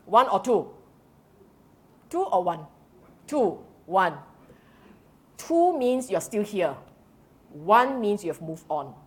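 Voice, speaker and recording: A woman's voice: medium pitch, takes it slowly, pauses often. A woman with a Singaporean English accent giving a Buddhist Dhamma talk to a congregation, quizzing the audience and dropping in colloquial particles. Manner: animated, keeps quizzing the audience; drops in colloquial particles and laughs.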